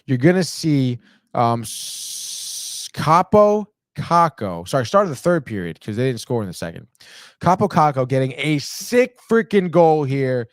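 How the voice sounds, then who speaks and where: A man hosting a sports podcast, breaking down game highlights in an excitable, profane way and saying "dude" constantly. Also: a little slow, no room sound, clean studio sound.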